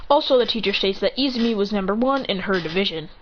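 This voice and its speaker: A woman casually telling a fan story in a rambling, hesitant way, on a dull, hissy lo-fi recording. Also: medium pitch.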